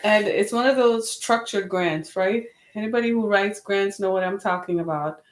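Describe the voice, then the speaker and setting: A woman hosts her web series, chatting casually to camera in a medium-pitched voice at normal speed, with reverb in the recording. Short on sleep, she sounds tired and a little wheezy, rambling in a chatty, exasperated way.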